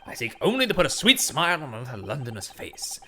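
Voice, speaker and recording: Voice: medium pitch, sing-song, fast talker, sharp tone, slight background noise. A streamer voicing a pompous, eccentric male Victorian detective in a theatrical, grandiose way, reading game dialogue aloud. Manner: theatrical, grandiose and self-satisfied.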